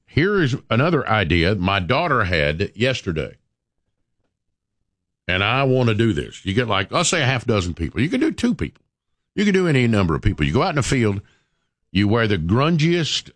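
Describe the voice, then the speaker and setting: A man's voice: fairly low pitch, big pitch swings, normal speed, a bit bright, no echo. A man hosting a morning radio show, chatting in a rambling way with stammered repeats. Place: radio studio. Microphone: studio microphone.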